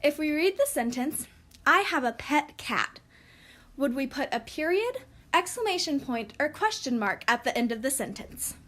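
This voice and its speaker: A woman teaching a recorded lesson, speaking slowly and clearly for young children. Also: high-pitched, big pitch swings, slight background noise.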